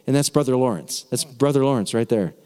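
A man preaching a sermon as pastor, lively and repetitive, drawing out words for emphasis. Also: medium pitch, brisk, smooth. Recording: long hall reverb.

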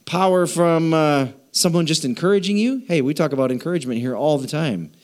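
Male pastor, slightly high voice, teasing and repetitive, sermon delivery. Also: fairly quick, a little mellow. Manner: playful, repeats phrases to prompt the congregation.

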